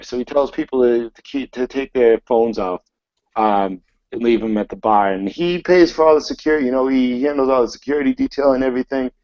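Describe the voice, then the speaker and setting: A man voicing a hotheaded bar manager who shouts and then stammers nervously, in a tabletop game. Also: mid-range voice, dry recording, lo-fi sound, close to an everyday voice. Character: panicky loud male bar manager, hothead.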